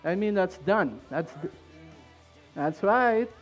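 French-accented preacher, high fervent voice. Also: male voice, animated, slow pace, lo-fi sound, soft background music. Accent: French Canadian. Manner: fervent, repetitive, builds to shouting. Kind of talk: sermon. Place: church.

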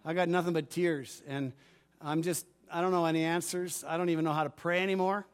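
High-voiced man preaching a fervent sermon. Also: steady tone, brisk, clean tone. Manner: preaching with rising fervor, commanding declarations; asks the congregation for responses. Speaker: pastor.

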